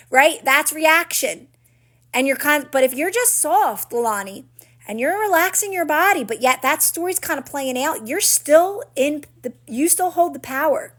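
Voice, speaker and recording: Answering comments during a live stream, a woman who works as a manifestation coach encourages her viewers earnestly, frequently asking "right?" and "guess what?". She sounds high, animated and fairly bright, speaking at a normal speed.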